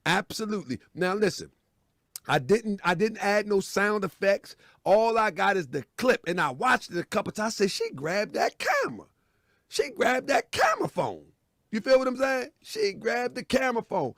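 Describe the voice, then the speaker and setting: A man giving animated, mocking commentary on a video clip and laughing at the person in it. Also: sits high, moderate pace, no echo, clean studio sound.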